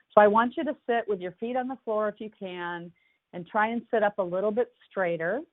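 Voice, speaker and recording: A woman leads an online workshop in a calm, gentle voice that sits a little low. The sound is thin and tinny, like a phone line, and completely dry with no room around it. She talks in an easy, conversational way as she explains things. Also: dry recording. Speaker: presenter.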